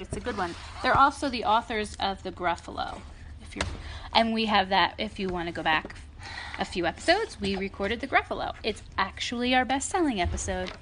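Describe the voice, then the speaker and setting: A woman hosting a children's story podcast, reading a rhyming picture book aloud to a child at home and pausing to point out the pictures. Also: mid-range voice, a little hiss or hum. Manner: animated, stops to explain the pictures. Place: home playroom.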